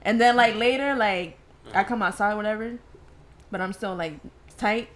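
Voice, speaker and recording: A woman's voice: mid-range voice, moderate pace, a bit bright. A young woman co-hosting a podcast, telling a story in a laid-back way with lots of fillers. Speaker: podcast co-host. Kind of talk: casual chat.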